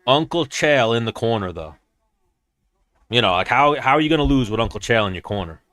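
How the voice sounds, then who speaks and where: A man's voice: medium pitch, expressive, a little fast, fairly bright tone, no room sound. A man hosting a casual fight watch-along, chatting loosely with viewers in a rambling, profane way. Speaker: host.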